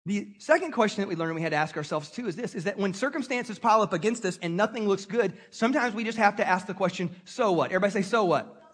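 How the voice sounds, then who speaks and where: A man's voice: sits high, quick pace. A middle-aged male pastor, preaching a sermon in a chatty, storytelling way and calling on the congregation to answer. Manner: conversational storytelling preacher, animated call-and-response.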